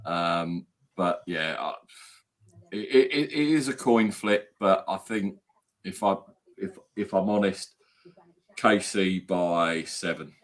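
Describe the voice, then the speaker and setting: A man's voice: sits low, slow, pauses often. A man on a sports chat panel, giving picks and teasing the others. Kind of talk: casual chat.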